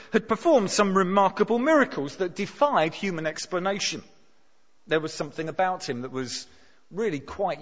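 A man preaching a sermon, emphatic and expressive, dropping his voice low for dramatic lines. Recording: dull sound with long hall reverb.

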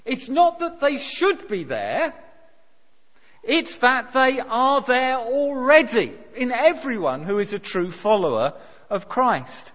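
A man with a high voice delivers a sermon, stressing key words with sudden force and almost shouting them. The recording sounds muffled and lo-fi. A long reverb trails behind him, as in a large church hall. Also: big pitch swings, slow pace. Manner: emphatic, rises to near shouts on key words. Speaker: preacher.

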